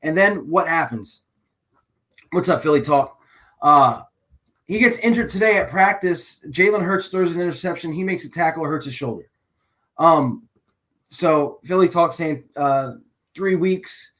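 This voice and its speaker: A man's voice: fairly high pitch, animated, a little slow, pauses often, fairly bright tone. A man hosting a live sports channel, ranting emotionally and rambling with many restarts. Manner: rambling, with frequent restarts and fillers; emotional and exasperated. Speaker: channel host. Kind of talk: live-stream sports rant.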